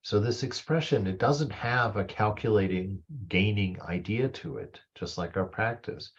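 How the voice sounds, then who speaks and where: A man with a very deep, husky voice gives a reflective spiritual talk and muses aloud in a loose, conversational way. The recording sounds dull and lo-fi. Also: unhurried. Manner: conversational, musing, leans on 'you know'. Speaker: spiritual teacher.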